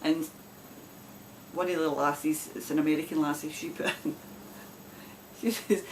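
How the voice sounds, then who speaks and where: A woman's voice: on the low side, fairly even intonation, moderate pace, pauses often, slight background noise. Chatty Glasgow woman with a broad accent. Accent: Glasgow Scottish. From Scotland. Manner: chatty, laughs often, rambling. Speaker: knitting podcast host. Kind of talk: casual chat to camera.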